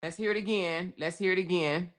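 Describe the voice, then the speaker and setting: A woman's voice: on the low side, steady tone, a little fast. A woman hosting a casual commentary show, speaking emphatically, repeating her points and talking straight to her viewers. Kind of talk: casual commentary on a viral video.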